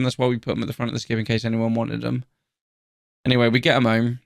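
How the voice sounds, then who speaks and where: A man co-hosting a podcast, telling a relaxed story and swearing casually. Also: medium pitch, quick pace, creaky, no room sound, studio quality. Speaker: podcast co-host. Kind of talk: casual chat.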